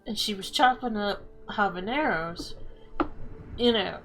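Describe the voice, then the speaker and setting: A woman's voice: medium pitch, measured pace, poor audio. A woman streamer in casual chat, telling embarrassing stories with lots of laughter. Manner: laughing storyteller, animated. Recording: faint music behind.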